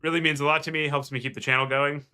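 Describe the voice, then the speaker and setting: Nasal, bright-voiced male game commentator. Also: a little high, little pitch movement, quick pace, smooth. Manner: rambling, many fillers and restarts. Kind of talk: casual gameplay commentary.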